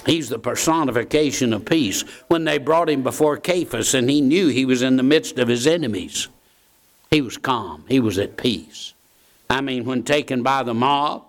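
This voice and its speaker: A man's voice: mid-range voice, unhurried. A man preaching a sermon in a folksy way, repeating key phrases for emphasis.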